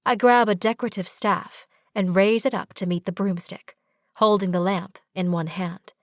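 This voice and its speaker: A woman narrating a first-person fantasy romance audiobook in a soft, even storytelling manner. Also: mid-range voice, moderate pace, no echo, studio quality.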